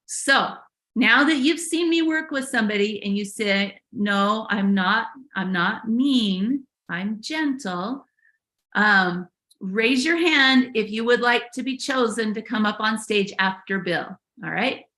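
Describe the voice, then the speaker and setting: Woman, webinar host, encouraging, upbeat, bright tense voice, fairly high. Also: lively intonation, unhurried. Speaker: body language coach hosting a webinar. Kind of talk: live webinar coaching.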